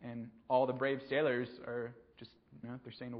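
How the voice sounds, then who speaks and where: A man preaching a conversational sermon, pausing often with ums and repeating words as he goes. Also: mid-range voice, little pitch movement. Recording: dull lo-fi recording.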